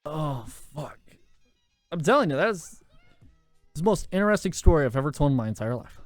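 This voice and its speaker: A young man hosting a podcast, telling a story in a loud, animated way and swearing often. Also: a little high, brisk, no room sound, faint music behind. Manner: animated, swears a lot, laughs through his story. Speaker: podcast host. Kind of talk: casual storytelling.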